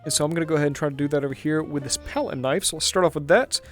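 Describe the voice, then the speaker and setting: A man's voice: a little high, rapid-fire, faint music behind. A man hosting a gaming channel, giving upbeat, jokey running commentary while he plays. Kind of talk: casual gameplay commentary.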